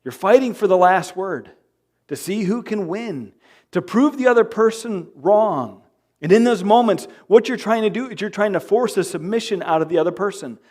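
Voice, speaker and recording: A male pastor with a high-pitched voice preaches at a moderate pace in a church sanctuary. Animated and jokey, he teases the congregation and acts out quoted arguments in his own voice.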